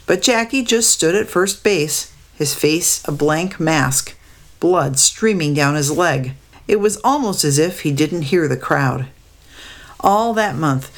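Low-voiced woman slowly reading a story. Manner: calm, measured storytelling. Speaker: narrator. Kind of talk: reading a children's story aloud.

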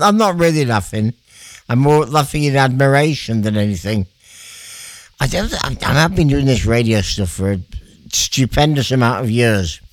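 A man's voice: medium pitch, dry recording. A middle-aged man, presenting on the radio in a rambling, amused, chatty way. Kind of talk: casual radio chat between songs. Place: radio studio.

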